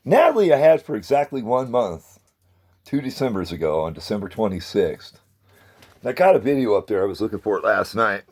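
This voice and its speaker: A middle-aged man with a husky, somewhat low voice, rambling on camera in a casual vlog. He meanders from one thing to the next with grumbling asides, recorded outdoors. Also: very animated, a little fast, a little mellow. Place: outdoors near a dumpster.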